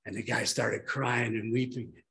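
A man's voice: fairly low pitch, steady tone, unhurried, creaky, a bit bright. A man preaching a church sermon as pastor, emphatic and pleading with his listeners.

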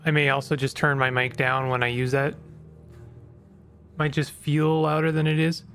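A man's voice: on the high side, level tone, normal speed, fairly bright tone, soft background music. A man streaming a video game, talking casually and apologetically with lots of fillers about his microphone. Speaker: gaming streamer. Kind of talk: casual let's-play commentary. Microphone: desk microphone.

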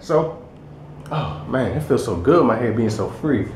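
Lively young man vlogging in an echoey room. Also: mid-range voice, normal speed. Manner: animated, laughing, slangy storyteller. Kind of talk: casual vlog chat. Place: bedroom indoors. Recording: echoey room with faint noise.

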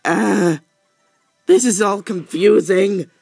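A man's voice: high-pitched, slow, gravelly, darkish tone, breathy edge, no echo, soft background music, heavily acted. A man voicing a pompous block creature from a video game with a put-on French accent, flustered and theatrical.

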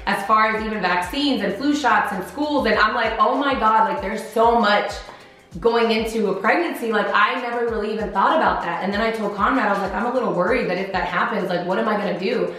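A young woman vlogs to camera in casual chat, emotional and laughing through tears. Her medium-pitched, fairly bright voice comes quickly, in an echoey room with music playing behind.

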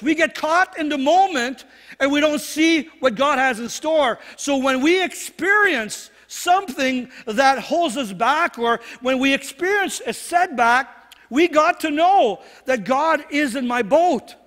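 High-voiced pastor preaching in an echoing hall. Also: male voice, animated, unhurried, a bit bright. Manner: earnest, repeats phrases, asks "right?" often. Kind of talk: sermon. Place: church sanctuary. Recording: long hall reverb.

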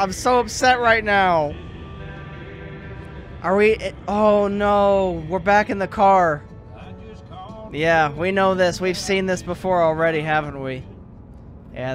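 A man's voice: high voice, slow pace, pauses often, soft background music. A man hosting a let's play, reacting emotionally and sympathetically as he comments on the game.

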